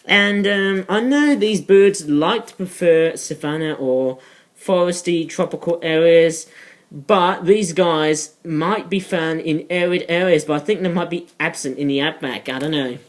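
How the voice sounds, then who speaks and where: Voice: medium pitch, measured pace. A toy reviewer in a casual vlog, rambling off topic with many ums and uhs. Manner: rambling, digressive, many fillers.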